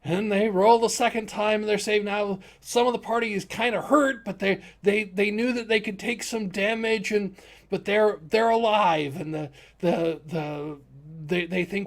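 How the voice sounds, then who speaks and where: A man's voice: high-pitched, steady tone, measured pace. A man who runs tabletop games, telling a story from one of his sessions in a rambling, casual way with many restarts. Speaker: game master.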